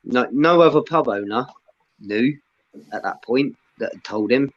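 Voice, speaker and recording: A man's voice: lowish voice, animated, moderate pace, no echo, muffled recording. A man in casual banter, telling rambling anecdotes full of swearing.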